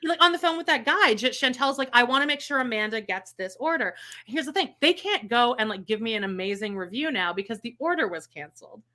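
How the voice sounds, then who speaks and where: A young woman telling a story in casual chat, animated and swearing freely, acting out what people said. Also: on the high side, brisk. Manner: animated, swears a lot, acts out quotes with shrieks.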